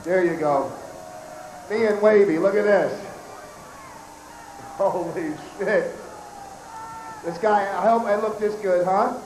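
Hoarse guy cracking crude jokes as festival emcee, kinda high voice, echoey pa outdoors. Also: slow pace, long pauses, darkish tone, slight background noise. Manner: brash, profane, joking. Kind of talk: stage banter.

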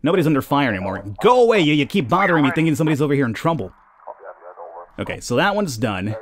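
Young male let's-play host, lively chatty commentary, middle pitch. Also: fast talker. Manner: chatty, laughs at callers, talks to units. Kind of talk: casual gameplay commentary.

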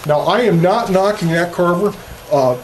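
Speaking at a normal pace in a high-pitched voice, this carving instructor rambles through his chainsaw workshop talk, cracking jokes and restarting words in a folksy way. Faint room ambience and some background noise come through the distant mic.

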